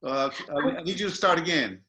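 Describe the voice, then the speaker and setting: A man leads an acting masterclass, his voice sitting a bit high and ringing bright and forceful. He talks in a loose, slangy way and hammers his points with emphatic repetition. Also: animated, a little fast. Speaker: acting teacher. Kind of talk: masterclass coaching.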